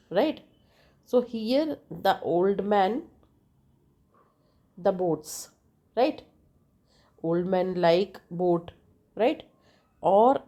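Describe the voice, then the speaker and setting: A woman gives an informal lecture on language terms. She talks slowly and works through each example, her voice warm and mellow, and she keeps pausing to check with "right?". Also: medium pitch, creaky. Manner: slow, explanatory, with frequent filler "right?". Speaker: English teacher.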